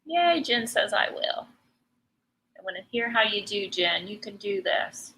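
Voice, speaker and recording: Chatty middle-aged woman, bright ringing voice, teasing painting teacher on a live stream. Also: medium pitch, big pitch swings, moderate pace, slight background noise, low-quality recording. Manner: chatty, teasing, laughs often. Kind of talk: live painting tutorial chat.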